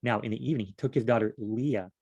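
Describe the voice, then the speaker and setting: This man reads Bible passages aloud and then talks them over in a loose, conversational way. He drifts into side stories and restarts his sentences often. His voice sits at an ordinary middle pitch. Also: fast, creaky, darkish tone, breathy edge. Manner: digressive, chatty asides and restarts. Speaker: Bible study vlogger. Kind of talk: reading scripture aloud with casual commentary.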